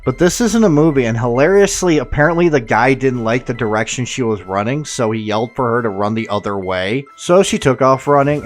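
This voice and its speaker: True crime narrator, male, mid pitch, irreverent and swearing, faint music bed underneath. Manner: irreverent, profane, sarcastic asides. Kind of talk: scripted narration with casual asides.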